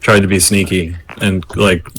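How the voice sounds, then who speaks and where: A man's voice: sits low, flat delivery, moderate pace, fairly bright tone, a little hiss or hum, poor audio. A man playing a tabletop game, describing his character's plans tentatively. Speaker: player.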